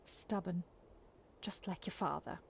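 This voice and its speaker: An actress playing a caring, teasing woman companion in a video game, gentle but insistent. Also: fairly low pitch, a little slow, creaky, slight background noise. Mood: coaxing.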